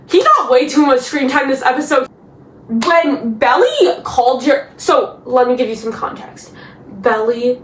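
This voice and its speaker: High-voiced, exasperated woman in an echoey room. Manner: animated and exasperated, with mocking put-on voices. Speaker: TV recap vlogger. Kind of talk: casual chatty episode recap. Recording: echoey room with faint noise.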